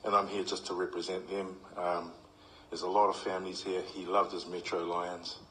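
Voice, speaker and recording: A man's voice: deep voice, level tone, normal speed, sharp tone, a little hiss or hum, low-quality recording. A middle-aged man giving a heartfelt, humorous eulogy full of stories. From New Zealand. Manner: heartfelt, humorous storytelling with acted quotes. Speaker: eulogy speaker. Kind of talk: funeral eulogy.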